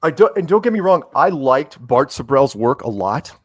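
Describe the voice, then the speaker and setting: A man's voice: mid-range voice, very animated, normal speed, no echo. A man who is a podcast guest, telling rambling anecdotes in casual conversation and acting out quotes along the way.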